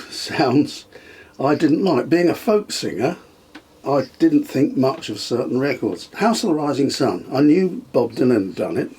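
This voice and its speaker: An older man with a husky, slightly breathy voice, spinning long anecdotes in conversation. He chuckles often and pauses on fillers as he recalls things. His pitch sits in a medium range. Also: darkish tone. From England. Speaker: guest, storyteller. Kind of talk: reminiscing conversation.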